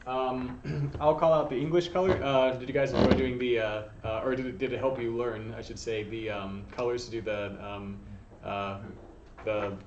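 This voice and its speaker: A man leads a Spanish class in a patient, encouraging way, filling pauses with ums and uhs. He sits well back from the mic in a room full of echo. The sound is dull and muffled, with a faint hiss. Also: mid-range voice, flat delivery. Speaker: Spanish teacher. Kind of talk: classroom lesson, calling on students. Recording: distant, echoey, dull room recording.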